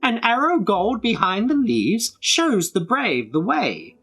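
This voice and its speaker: Eager young guy from a storybook, breathy high voice, swoops up and down a lot, man putting it on. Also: very animated, a bit bright, faint music behind, full character voice. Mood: reciting. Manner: chants the riddle slowly.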